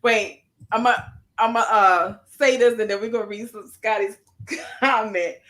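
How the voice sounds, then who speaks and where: A woman co-host in a casual talk show, her voice pitched a little high. She tells stories in an animated, playful way. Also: a little slow. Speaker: podcast co-host. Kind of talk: casual chat.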